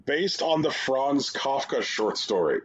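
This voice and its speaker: A man's voice: medium pitch, expressive, a little slow, slightly rough. A man co-hosting a podcast, telling long sarcastic stories in casual chat, full of fillers. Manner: rambling, sarcastic storytelling with many fillers. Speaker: podcast co-host. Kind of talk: casual chat reviewing games. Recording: dull lo-fi sound.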